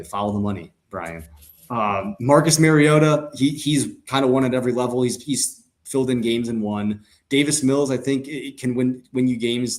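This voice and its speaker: A man co-hosting a sports podcast, talking casually with jokes, fillers and restarts. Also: medium pitch. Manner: animated, joking, many fillers and restarts. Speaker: podcast co-host.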